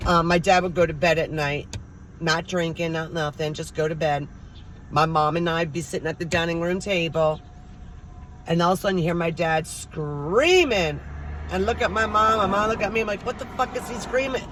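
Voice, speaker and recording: This lowish, steady female voice moves at a normal speed and has a fairly bright tone, with a little hiss or hum on the recording. She's a middle-aged vlogger telling her audience stories in a relaxed, chatty way and imitating the voices of the characters.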